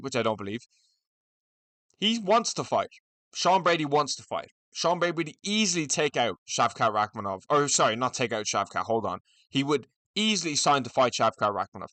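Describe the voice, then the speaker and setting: A man's voice: medium pitch, fairly bright tone, dry recording. A young man, hosting casual solo commentary on fighting matchups, rambling, swearing and repeating himself. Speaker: MMA commentary channel host.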